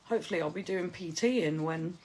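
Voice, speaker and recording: A woman's voice: fairly low pitch, a little fast, darkish tone, breathy edge. A woman, a livestreamer and new mother, chatting casually and affectionately with her viewers from home while reading out their messages.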